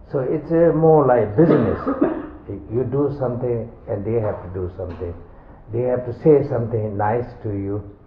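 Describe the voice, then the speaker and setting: Slow halting man giving a dharma talk. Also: medium pitch. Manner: slow, halting, simple phrasing. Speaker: Buddhist teacher. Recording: echoey, phone-like sound.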